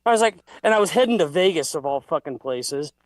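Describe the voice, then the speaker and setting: A man's voice: on the high side, expressive, a little fast, no room sound. A man telling a heated, profane story in a casual livestream chat. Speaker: guest.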